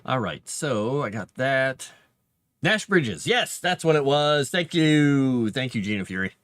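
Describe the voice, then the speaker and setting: A man's voice: mid-range voice, animated, unhurried, a bit bright, dry recording. A man streaming live as he writes fantasy lore, chatting casually and rambling, and reading his drafts aloud under his breath.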